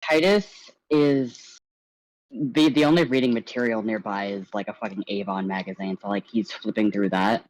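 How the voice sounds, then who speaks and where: A game master runs a tabletop role-play in loose, casual narration, swearing freely and padding lines with fillers. The pitch sits mid-range. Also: steady tone, moderate pace, a little mellow, rough recording.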